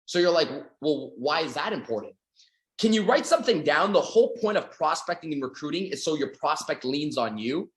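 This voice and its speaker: Energetic Canadian sales coach in an echoey room. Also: male voice, brisk, hardly any pauses. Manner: energetic, acts out quoted dialogue with big pitch swings. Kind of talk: motivational seminar talk.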